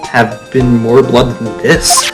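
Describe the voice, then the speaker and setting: A man's voice: medium pitch, takes it slowly, natural voice, poor audio. Earnest young lawyer read by a man for a fan dub, a bit flustered, over prominent music. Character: earnest young male defense attorney. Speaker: fan voice actor. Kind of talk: amateur voice-acted game dub. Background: background music.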